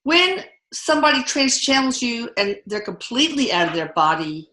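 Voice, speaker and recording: A woman hosting the show, chatting casually and telling stories in an animated way. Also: a little high, moderate pace, slight background noise. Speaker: host. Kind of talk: casual conversation. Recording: echoey room.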